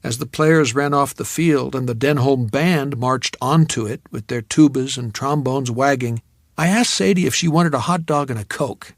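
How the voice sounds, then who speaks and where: A man reading a novel aloud in measured, reflective first-person narration on a studio mic. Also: medium pitch, dry recording. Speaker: audiobook narrator.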